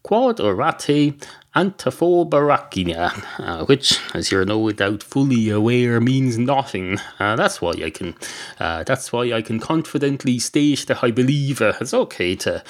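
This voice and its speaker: A man hosting a show, delivering a rambling, deadpan comic monologue. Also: mid-range voice, normal speed. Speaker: podcast host.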